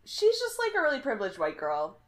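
A woman's voice: high voice, wildly swooping pitch, fairly quick. A young woman co-hosting a podcast, chatting casually with dry, judgy asides while recapping a reality show. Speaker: podcast co-host. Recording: connection cuts out at times.

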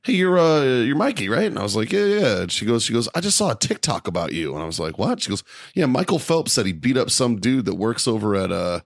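A man's voice: lowish voice, big pitch swings, quick pace, gravelly, no room sound, clean studio sound. A man co-hosting a podcast, telling a weekend story in casual chat, cursing freely and laughing often. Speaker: podcast co-host.

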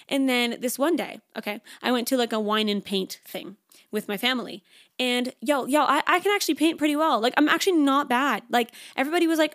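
A woman hosting a casual self-help podcast, fairly high-pitched and chatty, leaning on "like" as she talks. She sounds encouraging and reassuring throughout. Her voice is close and dry, with no room around it. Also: fairly quick, a bit bright, no room sound. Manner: chatty, frequent "like" fillers. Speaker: podcast host.

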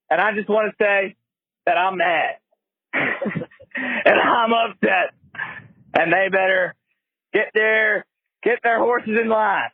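Man as a ranting caller, high-pitched, tinny phone line. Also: dry recording. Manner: ranting, repetitive complaints. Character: fired-up male sports fan caller. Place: car.

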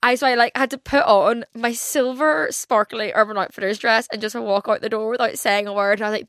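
A woman's voice: fairly high pitch, fairly even intonation, a little fast, few pauses, fairly bright tone, dry recording, clean studio sound. Chatty Northern Irish woman podcaster. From Northern Ireland. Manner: chatty, candid, frequent "like" fillers. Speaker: podcast host. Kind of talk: casual solo chat.

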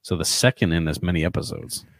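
A man co-hosting a podcast in relaxed chat, reading out quotes with small chuckles. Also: low-pitched, fast talker, no echo, studio quality. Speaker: podcast co-host.

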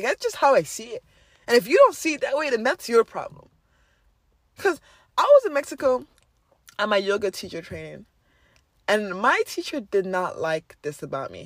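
A young woman talks straight into her podcast mic, bragging and cursing as she tells a story. Her voice leaps up and down in pitch, from low asides to loud shouts. The sound is dry, with no room echo. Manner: animated, profane, boastful, swings from low mutters to loud exclamations. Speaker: podcast host. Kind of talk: casual solo podcast storytelling.

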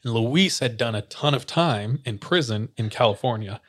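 A young man chats casually on a podcast, telling an animated story at normal speed and medium pitch. He acts out quotes and laughs often.

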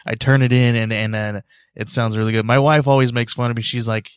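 A man's voice: mid-range voice, fairly even intonation, a little fast, clear, resonant tone, no echo. A man hosting a podcast, chatting casually and upbeat, laughing often as he tells stories, on a studio mic through a mixer. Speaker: podcast host.

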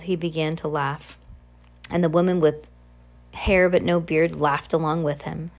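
Woman, novel read aloud, casual, stumbles and self-corrects, lowish voice. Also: fairly even intonation, unhurried. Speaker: reader.

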